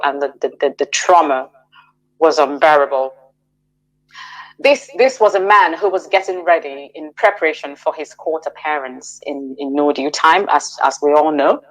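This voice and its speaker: Low-voiced woman, hesitant radio guest. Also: rough recording. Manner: measured, hesitant, many restarts and fillers. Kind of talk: radio interview, personal account.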